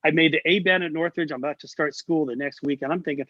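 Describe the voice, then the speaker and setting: A man's voice: fairly high pitch, fast talker, no room sound. A middle-aged man, a guest musician, telling stories in a casual interview over a video call, acting out the people he quotes. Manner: animated storyteller, acts out quoted voices. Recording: dull lo-fi video call audio.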